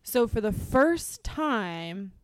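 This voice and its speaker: A crowd can be heard behind a young woman co-hosting a podcast, her slightly high voice swinging widely in pitch and drawing out words. She tells a personal story in casual chat, rambling with many restarts and lots of "like."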